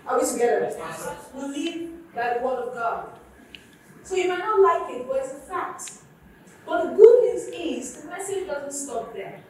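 High-voiced woman pastor preaching. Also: animated, unhurried, a little hiss or hum. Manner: rising to emphatic preaching with repeated questions to the congregation. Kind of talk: sermon with call and response. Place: church hall. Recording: echoey church hall from far off.

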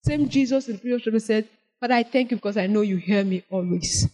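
A woman preaching a sermon, with an animated delivery that swings between loud exclamations and soft, prayerful lines. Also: fairly high pitch, quick pace, rough recording.

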